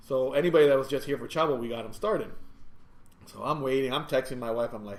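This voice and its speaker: A man hosting a podcast from his store, telling rambling, animated anecdotes in casual chat. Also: medium pitch, fairly quick. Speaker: podcast host and store owner. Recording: echoey room.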